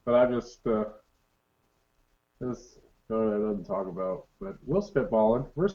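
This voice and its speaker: Joking man with a lively voice. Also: medium pitch, moderate pace, gravelly. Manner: laughs a lot, swears freely, joking. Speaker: podcast co-host. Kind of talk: casual chat. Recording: dull, muffled audio.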